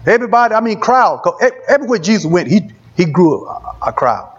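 A man's voice: high voice, big pitch swings, fairly quick, breathy edge, highs cut off. A man preaching a testimony sermon, repeating phrases for emphasis.

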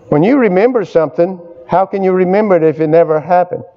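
A man's voice: sits high, quick pace, hardly any pauses. An older man preaching a sermon, calling on the congregation for amens and repeating his points for emphasis. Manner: call-and-response preaching, prompting the congregation for amens; repetitive, emphatic phrasing. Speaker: pastor. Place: church service with a responding congregation. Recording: dull lo-fi recording.

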